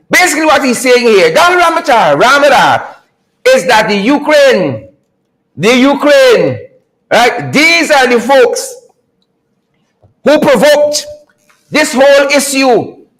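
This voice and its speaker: A fired-up male talk show host with a notably high voice. He hypes up his audience, shouts out greetings, laughs a lot and drives his points home by repeating himself. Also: rough recording. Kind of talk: energetic live-stream commentary.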